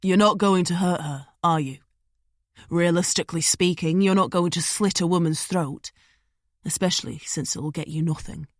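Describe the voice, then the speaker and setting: A woman voicing a gruff male guard leader with a gravelly voice, cold and commanding. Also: fairly low pitch, normal speed, no echo, clean studio sound, natural voice.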